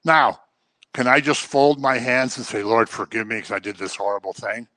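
A man's voice: medium pitch, moderate pace, pushed and bright, no echo. A man giving a conversational sermon as a pastor, acting out everyday examples to make his points. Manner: conversational teaching with acted-out examples.

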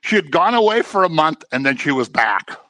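A man preaching a sermon in a conversational way, with joking asides and animated delivery. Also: fairly high pitch, a little fast, no echo.

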